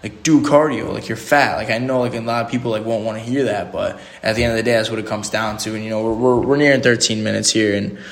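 A man's voice: lowish voice, fairly even intonation, fast, hardly any pauses. A young man hosting a solo podcast, giving a rambling motivational monologue full of "like" and restarts. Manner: rambling, motivational, filler-heavy with lots of "like". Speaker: podcast host.

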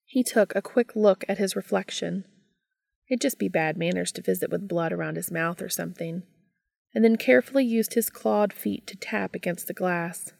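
Gravelly-voiced woman reading a story. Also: medium pitch, normal speed, no echo. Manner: calm, steady storytelling. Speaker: fan fiction reader. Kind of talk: scripted narration.

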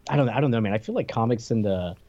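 A man's voice: medium pitch, lively intonation, quick pace, warm tone, highs cut off. A man co-hosting a podcast, chatting casually about comics with lots of hesitant restarts and jokes. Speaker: podcast co-host.

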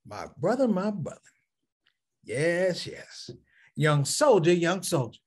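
A comedian playing a solemn male Nation of Islam brother who hushes his voice and says every phrase twice. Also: high voice, big pitch swings, slow pace, full character voice.

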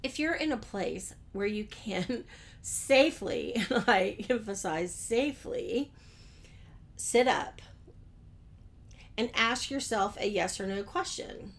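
A woman's voice: mid-range voice, expressive, slow. A woman hosting her own business podcast, talking conversationally and asking her listeners questions. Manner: friendly, conversational, rhetorical questions. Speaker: podcast host. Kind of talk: solo business podcast talk.

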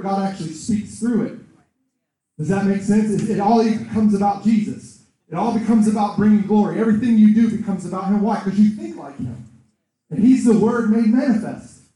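A man preaching a sermon in a conversational, animated way, acting out quoted voices. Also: high voice. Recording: echoey room, far from the mic.

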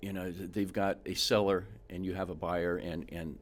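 A man who works as a home inspector, telling animated stories in a casual interview and acting out the people he quotes. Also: deep voice, moderate pace. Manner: animated storyteller, acts out quotes, frequent restarts.

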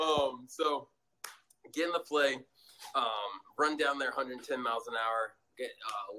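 A young man telling a story as a guest in a casual interview, animated and laughing often, acting out quotes in a high voice. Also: normal speed, noisy background.

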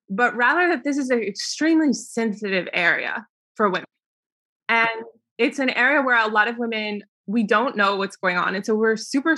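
A woman's voice: fairly high pitch, pushed and bright. A young woman talking as a podcast guest in a chatty, casual way, laughing often and acting out what other people said. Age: young adult. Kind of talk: casual interview talk.

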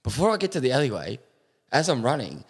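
An Australian man telling crude stories on a casual podcast, with a husky voice. His pitch swings about a lot as he laughs and swears his way through each tale. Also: fast talker. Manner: crude, laughing, animated storytelling. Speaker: podcast host. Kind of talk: casual storytelling chat.

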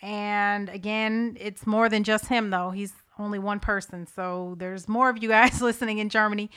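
Bright, clear-voiced woman podcast host. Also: mid-range voice, fairly even intonation, normal speed. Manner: upbeat, chatty, pleading with listeners. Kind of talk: casual podcast chat.

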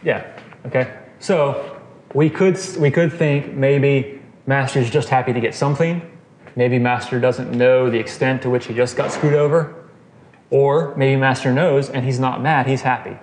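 A man's voice: mid-range voice, fairly even intonation, a little slow, a little mellow. Man, Bible study teacher, casual, questions the group, roomy echo, faint background noise. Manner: casual, quizzes the group, frequent "okay" and "right". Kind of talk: conversational scripture teaching.

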